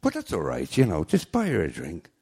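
Man doing deadpan bartender, gravelly, low-key. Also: brisk, heavily acted. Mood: patient, dry. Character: weary male bartender, patient.

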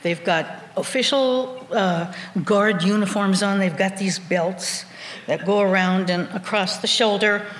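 An animated woman recounting a personal adventure on stage, her voice at a middle pitch. She chuckles through her own story, and the sound echoes around a roomy hall with a long reverb and faint ambience. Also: a little slow.

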